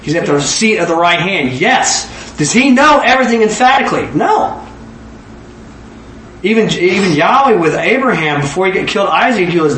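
A man preaching a sermon in an animated way, acting out dialogue in voices and laughing often. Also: high voice, moderate pace, slight background noise. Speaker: pastor. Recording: echoey room with faint ambience.

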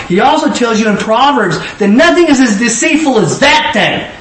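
A middle-aged man giving informal Bible teaching, swinging from low musing to high emotional exclamations. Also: animated, normal speed, a bit bright. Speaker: preacher. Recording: echoey room, mic at a distance, faint ambient noise.

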